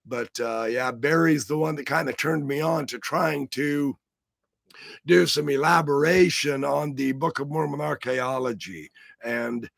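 A man with a raspy, gravelly, worn-out voice chats casually on a livestream. He talks slowly and playfully, greeting his viewers one by one, sitting close to a dry, unechoing mic. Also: a little high, a bit bright, dry recording. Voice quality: raspy, rough voice. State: hoarse. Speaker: livestream host. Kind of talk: casual live-stream chat.

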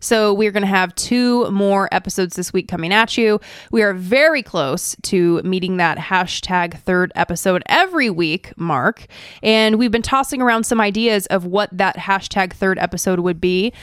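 Chatty woman co-host, smooth clear voice, dry close sound. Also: mid-range voice, moderate pace, no echo. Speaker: podcast co-host. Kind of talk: casual chat.

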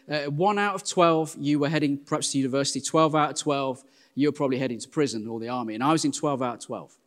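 Lively English preacher in an echoing hall. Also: male voice, a little high. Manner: lively, self-deprecating storytelling. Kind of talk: sermon. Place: church hall. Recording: long hall reverb.

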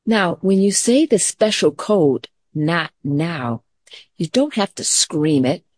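A middle-aged woman teacher giving a gentle, calm mindfulness lesson to children, mixing story time with questions to the class. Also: medium pitch, measured pace, breathy edge, no room sound, clean studio sound.

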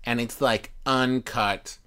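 A man in his thirties chatting as a podcast guest, animated and acting out quoted reactions. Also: mid-range voice, slow, smooth. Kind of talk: casual chat.

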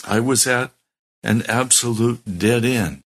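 A man's voice: mid-range voice, slow pace. A middle-aged man, a pastor, telling his testimony in a sermon, earnest and heartfelt with strong emphasis.

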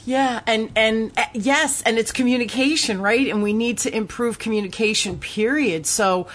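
A woman's voice: fairly high pitch, fairly bright tone. North Jersey woman hosting a podcast. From New Jersey, US. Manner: enthusiastic, giggly, quick asides. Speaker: podcast host. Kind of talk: casual interview chat.

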